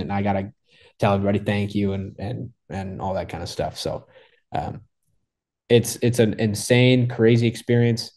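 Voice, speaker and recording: A man telling the story of his hole in one in a casual interview, talking excitedly and rambling with lots of "like" and restarts. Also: lowish voice.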